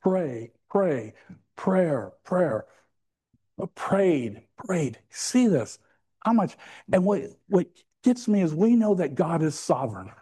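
A man's voice: a little high, very animated, takes it slowly, warm tone, husky. A man preaching a sermon to a congregation in a conversational way, with asides and jokes. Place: church.

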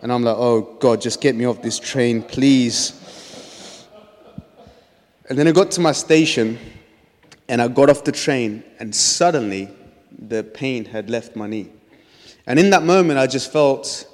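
Man preaching in a reverberant hall. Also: medium pitch. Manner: earnest storytelling with frequent restarts. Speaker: speaker sharing a testimony. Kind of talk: testimony preaching.

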